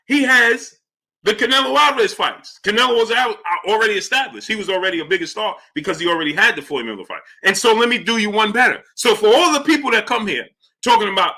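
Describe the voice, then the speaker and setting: Emphatic, bright-voiced male stream host. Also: high-pitched, animated, fast. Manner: emphatic, repeats himself, greets viewers. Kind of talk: casual live stream talk.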